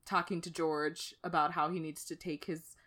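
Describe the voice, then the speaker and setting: A woman's voice: low voice, little pitch movement, normal speed, a bit bright. A woman co-hosting a podcast, chatting casually about a TV show, laughing often and swearing now and then. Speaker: podcast co-host.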